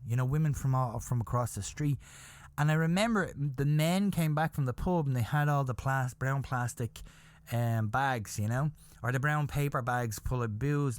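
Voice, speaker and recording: An Irish man in his fifties hosting a podcast, telling a story in a rambling, animated way that keeps checking in with the listener. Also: medium pitch, no room sound. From Ireland. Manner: rambling, animated, peppered with "okay?" and "you know?". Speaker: podcast host. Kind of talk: casual anecdotal storytelling.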